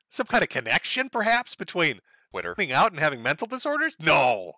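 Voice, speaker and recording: A man's voice: on the high side, wildly swooping pitch, brisk, hardly any pauses, bright, forceful tone, no echo. A man hosting a show, giving crude, sarcastic commentary on online posts. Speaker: show host.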